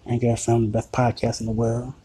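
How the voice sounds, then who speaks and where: A man's voice: mid-range voice, completely flat delivery, fast talker, mellow, slight background noise. A man hosting his own podcast in a crude, boastful, rambling comedic monologue. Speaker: podcast host.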